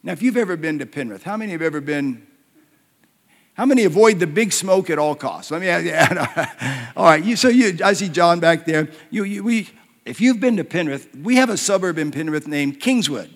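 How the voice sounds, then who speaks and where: Aussie guy preaching, kinda high voice, storytelling then getting loud, big echoey church. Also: animated, moderate pace. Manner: storytelling, swings from hushed to loud and emphatic. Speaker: pastor. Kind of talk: sermon. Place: church hall. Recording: long hall reverb.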